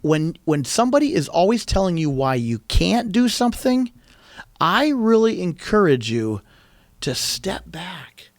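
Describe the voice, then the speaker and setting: Lively, animated male preacher. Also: high-pitched, unhurried, no echo. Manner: animated storytelling, acting out quoted lines in a raised voice. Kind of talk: sermon.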